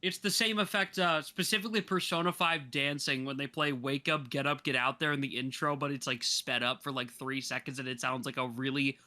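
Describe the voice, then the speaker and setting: A young man co-hosting a casual podcast, chatting in loud, giggly banter. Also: mid-range voice, steady tone, brisk, hardly any pauses. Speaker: podcast co-host. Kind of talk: casual chat.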